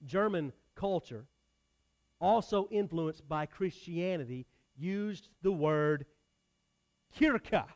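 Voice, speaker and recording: High-voiced man preaching to a congregation. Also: animated, slow pace, darkish tone. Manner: engages congregation directly, conversational preaching. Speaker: pastor. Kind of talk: sermon.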